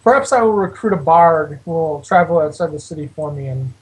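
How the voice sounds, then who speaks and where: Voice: mid-range voice, animated, brisk, low-quality recording. A tabletop game player who speaks in character with formal, earnest phrasing.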